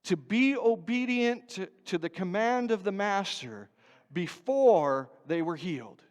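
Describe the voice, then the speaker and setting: High-voiced preaching man, church reverb. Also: unhurried. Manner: animated preaching, swinging from loud to hushed. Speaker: pastor. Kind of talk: sermon. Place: church sanctuary.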